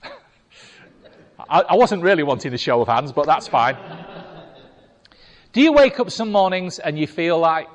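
High-voiced, lively preacher in echoing hall. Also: male voice, normal speed, pauses often. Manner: emphatic, rhetorical questions to congregation. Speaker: pastor. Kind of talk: sermon. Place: church hall. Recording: long reverb of a large hall.

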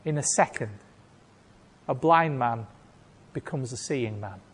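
A man preaching a sermon, telling a story with acted-out voices and big swings between loud and hushed. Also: medium pitch, expressive, takes it slowly, slightly rough. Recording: long hall reverb.

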